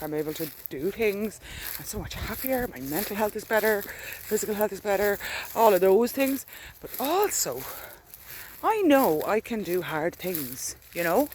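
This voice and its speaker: A woman's voice: mid-range voice, big pitch swings, normal speed, slight background noise. Chatty Irish woman walking outdoors. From Ireland. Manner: chatty, candid, walks while talking. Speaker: dog walker vlogging. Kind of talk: casual rambling diary vlog. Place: outdoors in a rural field.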